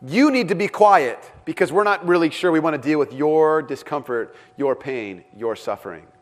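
A man preaching a sermon as pastor, dramatic in delivery and often dropping to a hush for emphasis. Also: fairly high pitch, lively intonation, moderate pace. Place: church with several rooms.

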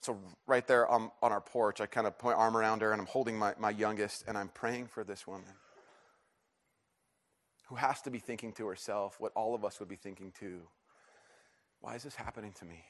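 A man's voice: on the low side, fairly even intonation, fairly quick, fairly bright tone. A middle-aged man preaching a sermon in a church service, telling stories with restarts and building to emphatic, rising questions. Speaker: pastor.

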